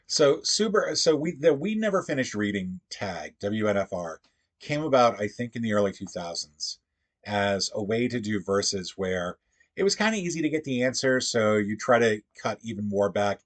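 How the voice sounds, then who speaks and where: A man hosting a casual livestream, thinking aloud in a halting, musing way as he works through puzzles. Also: fairly low pitch, animated.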